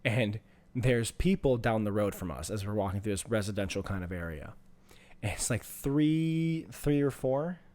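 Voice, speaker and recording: A man's voice: fairly low pitch, expressive, normal speed, a little mellow. Young man telling a rambling story. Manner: rambling, profane, laughs through his stories. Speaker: podcast co-host. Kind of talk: casual storytelling.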